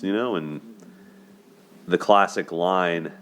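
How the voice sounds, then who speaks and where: Deep-voiced man breaking down a movie. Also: expressive, a little slow. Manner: chatty, asks "right?" often, laughs a lot. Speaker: host of a dating and movie commentary show. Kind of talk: casual spoken movie breakdown.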